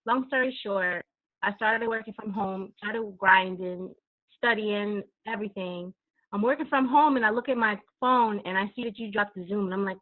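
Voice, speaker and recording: A woman's voice: medium pitch, moderate pace. A woman in her thirties calling in from home, gushing and laughing as she tells her story, close to tears. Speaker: caller. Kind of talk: emotional call-in thanks. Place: home, dim room. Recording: tinny phone line.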